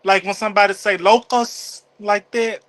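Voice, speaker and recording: A man's voice: high voice, fairly even intonation, moderate pace, a bit bright. A man in casual group chat who laughs easily and apologizes often.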